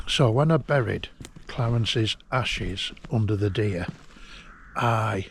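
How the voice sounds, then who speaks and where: A man, telling a personal memory in a halting, emotional way and laughing through it, recorded outdoors in a garden. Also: fairly low pitch, creaky, a little hiss or hum. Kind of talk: casual storytelling.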